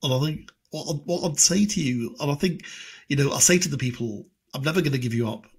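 A man imitating a middle-aged male politician making an earnest, halting speech. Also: on the high side, husky.

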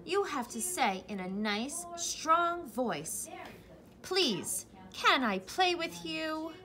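A woman voicing a kind, helpful little female duckling in a storybook read-aloud, speaking gently and patiently. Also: high voice, sing-song, drawn-out words, noisy background, voice pushed up, heavily acted. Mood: coaxing.

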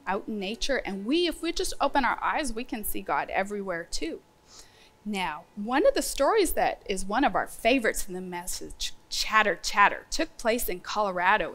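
Woman teaching a children's Bible lesson. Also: medium pitch. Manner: asks the class lively questions. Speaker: homeschool teacher.

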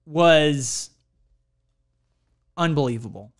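A man's voice: a little high, very slow. A man co-hosting a podcast, joking around with his friend in casual banter and using plenty of filler words. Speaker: podcast co-host.

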